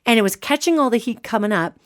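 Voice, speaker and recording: A woman hosting a podcast as a medium, an animated storyteller who acts out quotes in casual chat. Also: a little high, fast talker. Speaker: host and medium.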